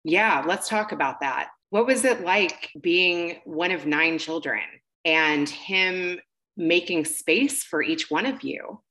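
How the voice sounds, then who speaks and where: A woman's voice: lowish voice, takes it slowly, sharp tone, poor audio. A woman hosting an interview, asking questions in an upbeat, conversational way. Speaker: podcast host. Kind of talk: podcast interview.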